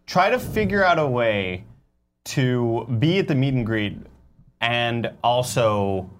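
A man's voice: medium pitch, expressive, slow pace, a little hiss or hum. A man co-hosting a casual morning show, playful and rambling, often laughing. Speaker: co-host.

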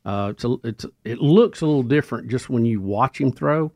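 A male radio co-host in casual chat, recapping what he saw with a relaxed, storytelling manner. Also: mid-range voice, a little fast, no echo, clean studio sound.

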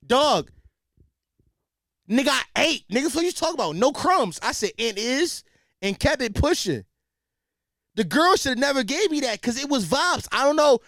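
A young man doing a comedic rant, animated and profane, full of slang and repeated restarts. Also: extremely high pitch, normal speed, long pauses, no echo, studio quality.

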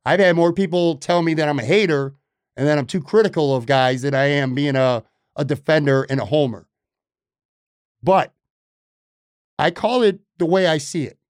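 A man talks into a close podcast mic, his voice sitting a touch higher than most men's. He delivers emphatic, opinionated sports commentary, restarting phrases as he pushes his point. The sound is dry, with no room around it. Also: smooth, dry recording. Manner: emphatic, opinionated, self-correcting. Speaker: podcast host.

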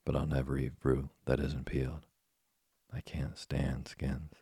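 A man voicing a hungry, whiny wooden puppet boy in a storybook reading, with a gravelly, husky voice. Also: rumbling low, little pitch movement, measured pace, warm tone, dry recording, exaggerated voice. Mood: fussy. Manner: whining, fussy. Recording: dry close studio sound.

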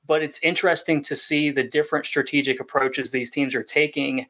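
A man speaking in a measured, explanatory way as a podcast analyst. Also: a little high, fairly even intonation, bright, forceful tone. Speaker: draft analyst. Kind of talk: podcast discussion.

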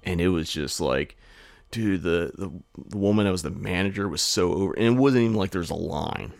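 A man's voice: sits low, brisk, gravelly, no echo. A man co-hosting a podcast, telling a rambling, profane anecdote in a casual chat full of "like" fillers. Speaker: podcast co-host.

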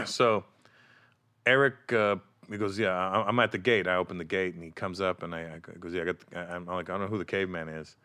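Male guest, lively raconteur who mimics others, bright tone. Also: deep voice, a little fast. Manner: animated, acts out quotes in other voices. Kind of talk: casual storytelling chat.

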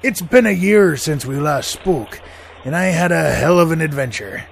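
A man's voice: a little high, lively intonation, normal speed, gravelly, slight background noise. A man hosting a podcast in a comic pirate character, with a mock pirate accent, laughing at his own jokes.

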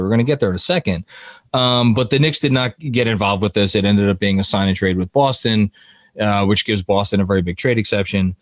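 A man's voice: lowish voice, dry recording. A man hosting a casual sports podcast, rambling with frequent laughs and restarted sentences. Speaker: podcast host.

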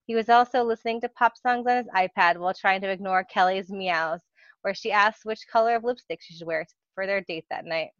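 A woman's voice: medium pitch, fairly quick, a bit bright, no echo. Giggly woman reading fan fiction aloud. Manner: giggly, laughs often while reading. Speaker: podcast host. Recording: dull dry lo-fi recording.

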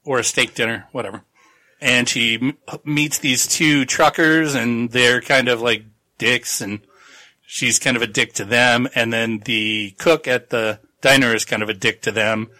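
A man's voice: mid-range voice, steady tone, measured pace, sharp tone. A man hosting a podcast, casually recapping a novel in a rambling, jokey way with plenty of swearing. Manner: rambling, jokey recap full of laughs and profanity. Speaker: podcast host. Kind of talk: casual book-club chat.

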